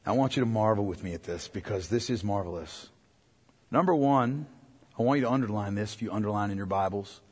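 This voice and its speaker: A male pastor preaching a sermon with passion, going from loud cries to hushed tones. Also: medium pitch, big pitch swings, brisk, breathy edge. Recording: long reverb of a large hall.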